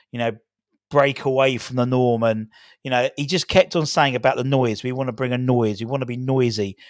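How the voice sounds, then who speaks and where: A man's voice: medium pitch, no room sound, studio quality. A middle-aged man hosting a football fan channel, talking casually and rambling with lots of fillers and restarts. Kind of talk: casual solo video chat.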